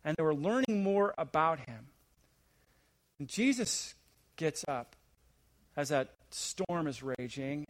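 A middle-aged man preaching a sermon with a fairly high voice. He climbs into emphatic, rising questions, then falls to near-whispered, hushed lines. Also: animated, slow, long pauses. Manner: swings between rising, emphatic preaching and hushed, low asides. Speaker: visiting senior pastor.

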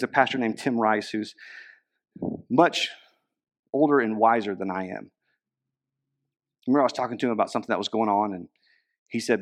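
A young man preaching a sermon as a pastor, casual and conversational, with frequent fillers. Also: mid-range voice.

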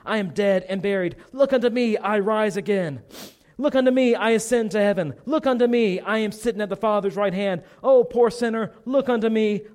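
A man voicing a thin, plain-spoken lay preacher who keeps urging his hearers in a fervent, repetitive way. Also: a little high. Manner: fervent, repetitive, rising to shouts.

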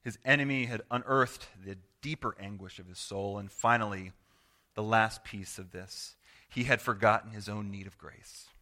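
A man preaching a sermon as pastor, earnest and conversational, swinging from loud to hushed and acting out quoted prayers. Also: lowish voice, steady tone, normal speed. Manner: acts out quoted prayers and replies in voice.

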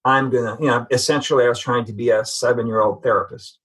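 A man's voice: medium pitch, steady tone, quick pace, fairly bright tone, breathy edge, low-quality recording. A man giving an earnest, reflective personal testimony as a guest in a conversation. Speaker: podcast guest.

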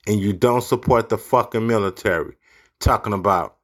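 A man's voice: fairly low pitch, moderate pace. A man ranting angrily about politics, profane and blunt. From United States. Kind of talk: angry political rant.

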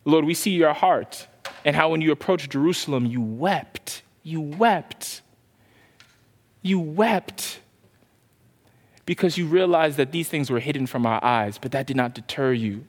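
Male pastor, fervent sermon into hushed prayer, slightly high voice, big reverberant hall. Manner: impassioned preaching, then soft slow prayer.

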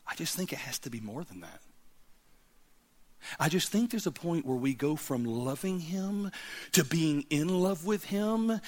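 A middle-aged man preaching a storytelling sermon as a guest preacher. He is animated, moving from loud laughing punchlines to hushed, earnest reflection. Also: medium pitch.

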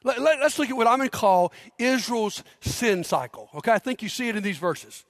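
A man's voice: very high voice, animated, fairly quick, fairly bright tone, studio quality. A man preaching a sermon as pastor, emphatic, leading the congregation in call-and-response. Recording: long hall reverb.

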